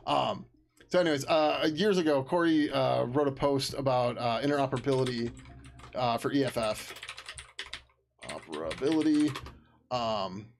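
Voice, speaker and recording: A man's voice: mid-range voice, unhurried, gravelly, long pauses, a little hiss or hum. A man chatting casually on a live stream about his open source project, rambling loosely, laughing and swearing now and then, sounding tired.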